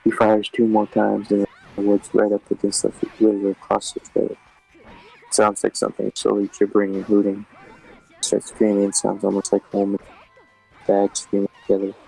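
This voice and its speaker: Low gravelly guy reading a creepy story, swears a lot, real flat, faint music behind. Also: moderate pace, rough recording. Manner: casual, swears often, flat delivery. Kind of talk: reading a scary story aloud.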